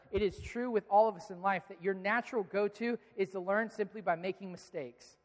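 A man's voice: high-pitched, brisk, few pauses. A man in his thirties preaching a sermon, telling stories conversationally and rising into emphatic pleas. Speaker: pastor. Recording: long hall reverb.

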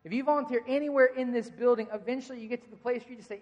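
A preacher delivers a sermon in a conversational, humorous manner, often speaking directly to the congregation. The voice sits at a middle pitch. A long church-hall reverb trails every phrase. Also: fairly even intonation, very fast, darkish tone, highs cut off. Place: church sanctuary.

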